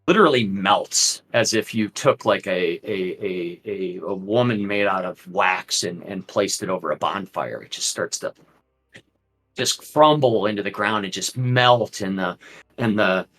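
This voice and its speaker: Low-pitched guy running a tabletop game, rambly narration with lots of fillers. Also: unhurried, fairly bright tone, poor audio. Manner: loose, filler-heavy narration. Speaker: game master.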